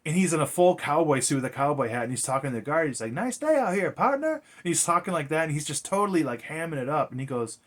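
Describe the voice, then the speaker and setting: A man recaps a film in loose, casual talk, sprinkling in swears and lots of filler words. His voice sits a little on the high side for a man. He rambles from scene to scene with easy enthusiasm. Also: quick pace, few pauses, a bit bright. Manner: rambling, profane, filler-heavy. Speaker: movie reviewer.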